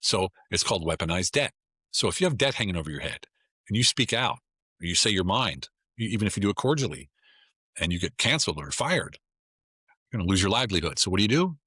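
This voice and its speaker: Blunt fast-talking man, low and bright. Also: sing-song, slightly rough, no echo, studio quality. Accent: American. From United States. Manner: blunt, emphatic, repeats himself and restarts. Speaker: podcast guest, author. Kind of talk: casual podcast conversation.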